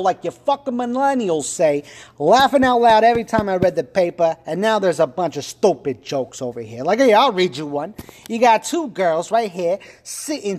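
A man's voice: high-pitched, darkish tone, full character voice. A man voicing a foul-mouthed, hot-tempered mob boss who rants profanely in a comedic monologue. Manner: profane, ranting, threatening.

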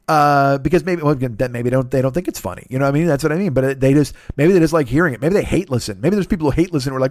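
A man's voice: fairly high pitch, expressive, very fast, few pauses, no room sound, clean studio sound. A middle-aged man hosting a solo podcast, rambling and profane, with self-deprecating asides. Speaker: podcast host.

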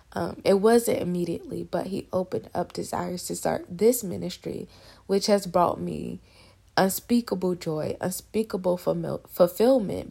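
A woman's voice: medium pitch, creaky, darkish tone, husky. A young woman in her twenties sharing a faith testimony in a casual devotional talk, talking straight to listeners and near tears at times. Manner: emotional, on the verge of tears; conversational, addresses listeners as y'all.

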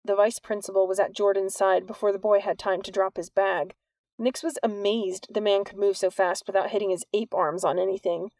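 Gravelly woman narrating a novel. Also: mid-range voice, little pitch movement, brisk, darkish tone, no echo. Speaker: audiobook narrator. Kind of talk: scripted narration.

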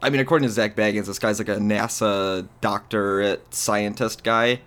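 A man's voice: on the low side, steady tone, normal speed, fairly bright tone. A man co-hosting a podcast in casual chat, retelling events with disbelief and many "like"s. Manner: incredulous storytelling, lots of "like". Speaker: podcast co-host.

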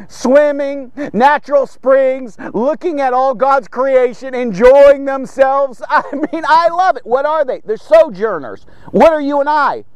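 A man's voice: extremely high pitch, no room sound. A man hosting a devotional podcast, talking casually and jokily while he preaches, recorded on a phone outdoors. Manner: chatty, repeats "okay?" often, jokey asides. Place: outdoors, sitting in a chair in a lot.

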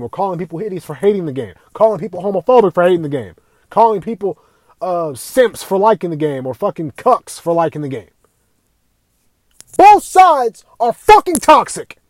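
A man with a high-pitched voice tears into his audience in a furious rant, swearing with nearly every sentence. His voice is dry and close, with no room sound around it. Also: a little mellow, no echo. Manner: heated, swearing constantly, raising voice at times. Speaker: video ranter. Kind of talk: angry profane rant.

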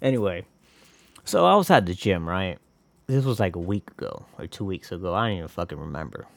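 A man's voice: low-pitched, expressive, fairly quick, vocal fry, no room sound. A man hosting his own podcast, talking in a rambling, casual way with lots of swearing and jokey asides. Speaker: podcast host. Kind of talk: casual solo podcast monologue.

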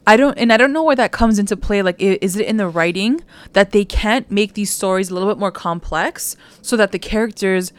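A woman's voice: medium pitch, a little fast, hardly any pauses, clear, resonant tone. A woman co-hosting a casual recap chat, blunt and incredulous, swearing casually. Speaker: podcast co-host recapping a show.

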